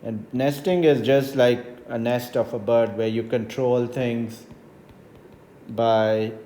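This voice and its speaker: Male tutor voice-over, unhurried step-by-step explainer, mellow tone. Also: medium pitch, steady tone, a little hiss or hum. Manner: unhurried, explains step by step with frequent "right?" checks. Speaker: math teacher. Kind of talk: screen-recorded coding tutorial. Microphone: voice-over on tablet whiteboard recording.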